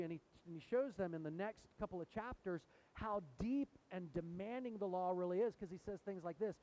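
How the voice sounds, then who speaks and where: A man's voice: high-pitched, brisk, hardly any pauses, rough recording. A man preaching a sermon in a church, asking the congregation questions as he goes. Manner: animated, asks the congregation questions. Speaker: pastor. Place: church sanctuary.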